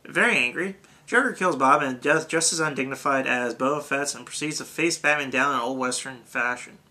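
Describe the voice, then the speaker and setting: A man's voice: mid-range voice, fairly quick, bright, forceful tone. A young man reading a comedic movie review script aloud, swearing freely and restarting lines when he stumbles. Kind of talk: amateur comedic review narration.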